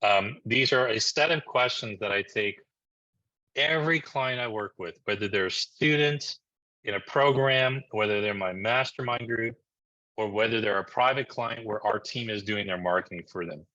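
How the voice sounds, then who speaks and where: A man from New Jersey giving a live marketing presentation on a video call, energetic and conversational, often checking in with "right?". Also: on the low side, normal speed, muffled recording. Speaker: marketing coach presenting a webinar.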